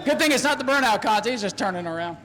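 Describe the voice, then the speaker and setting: A man announcing a live race and interviewing drivers at an outdoor speedway, excited and shouting during the action, joking between interviews. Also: very high-pitched, rapid-fire, music in the background. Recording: noisy outdoor racetrack.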